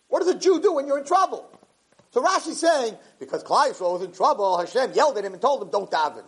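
A man teaching students an informal Torah class, mixing English with Hebrew and Yiddish terms, and climbing high in pitch when he voices God's words. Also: sing-song, fast, poor audio. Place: room with students.

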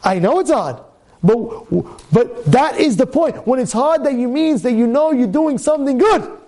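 In an extremely high yet mellow voice, a man leads a class on the weekly Torah portion at a moderate, animated pace. He poses rhetorical questions, repeats words to drive points home, and voices students' complaints loudly as if acting them out.

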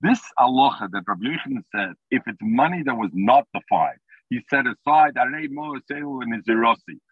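A man's voice: mid-range voice, lively intonation, a little fast, slightly rough, dry recording. A man teaching a Talmud class over the phone from his car, explaining the text in English mixed with Hebrew and Aramaic terms. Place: in a car while driving. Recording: tinny phone line.

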